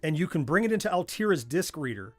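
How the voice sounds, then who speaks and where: A middle-aged man with a Southern drawl chats through a casual livestream, bouncing between topics. His voice sits a touch high and swings about a lot. Faint music plays underneath. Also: quick pace. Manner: animated, chatty, wanders off on tangents. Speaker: livestream host.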